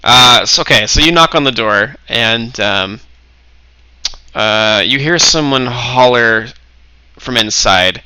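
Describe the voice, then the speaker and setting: Bright-voiced man running a tabletop game. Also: mid-range voice, expressive, slow, clear, resonant tone, no room sound. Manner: hesitant, many fillers. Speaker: game master.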